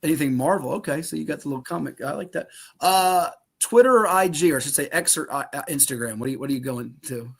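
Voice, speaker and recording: A man hosting a sports podcast, asking quick questions in an upbeat, easygoing manner. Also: a little high, lively intonation, gravelly, slightly rough. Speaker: podcast host.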